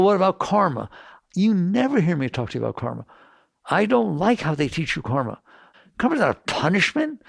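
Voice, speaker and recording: A man giving a spiritual talk to an audience, blunt and animated, full of rhetorical questions. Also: fairly high pitch, creaky, no echo, clean studio sound. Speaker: spiritual teacher.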